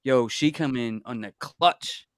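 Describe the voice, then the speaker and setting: A man hosting a livestream in casual chat, animated and repeating himself when excited. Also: medium pitch, measured pace. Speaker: livestream host.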